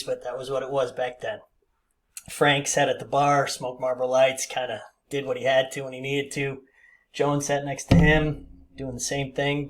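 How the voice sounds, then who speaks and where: A man in his fifties telling a casual, rambling story with many fillers and restarts. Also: mid-range voice. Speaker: vlogger.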